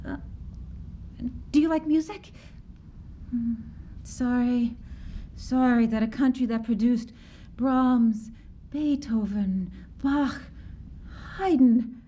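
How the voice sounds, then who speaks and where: A woman performing a poem in the voice of a survivors' son who stammers and keeps apologizing, in a slow, high voice. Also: mellow, a little hiss or hum. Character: nervous apologetic adult son of Holocaust survivors. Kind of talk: dramatic poetry performance. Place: live performance on stage.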